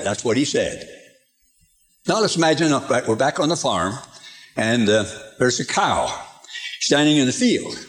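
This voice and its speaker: A man's voice: a little high, very animated, unhurried. Folksy older man preaching. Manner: folksy storytelling, chuckles through anecdotes. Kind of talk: sermon. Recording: archive sermon recording.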